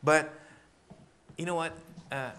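A middle-aged man preaches with lively humor, often breaking into laughter as he acts out his prayers. His voice sits a little high and rings bright and forceful. A faint noise runs under it. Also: slow. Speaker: pastor. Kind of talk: sermon talk with humor.

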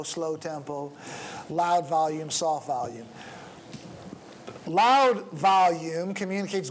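A man's voice: sits high, slight background noise. A middle-aged man, a pastor, teaching a preaching workshop, shifting his pace and volume to demonstrate and chuckling now and then.

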